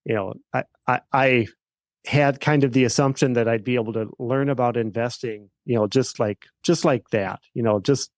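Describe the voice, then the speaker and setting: A middle-aged man, an attorney and podcast guest, recounting a personal story in a halting way with many fillers and restarts. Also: mid-range voice, fairly even intonation, dry recording.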